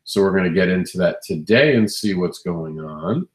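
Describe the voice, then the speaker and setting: A man hosting a live online show, talking enthusiastically with frequent restarts, his voice hoarse from recently losing it. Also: low voice, lively intonation, moderate pace, roomy sound. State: hoarse, recovering lost voice. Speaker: host. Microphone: phone mic, standing close.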